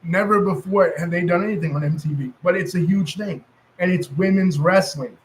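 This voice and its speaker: Casual male storyteller, New York accent, rambling and self-correcting, a bit high-pitched. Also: a little fast, a little hiss or hum, low-quality recording. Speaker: wrestling history commentator.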